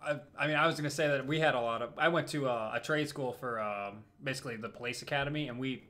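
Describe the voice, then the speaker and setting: Relaxed young man telling anecdotes. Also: medium pitch, fast talker. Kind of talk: casual livestream chat.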